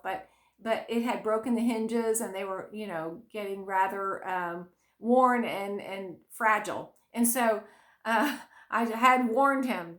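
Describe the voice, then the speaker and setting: Middle-aged woman, casual storytelling, chatty with fillers, roomy echo. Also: mid-range voice. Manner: conversational, many fillers, laughs between phrases. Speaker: podcast host sharing a parenting story. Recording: echoey room.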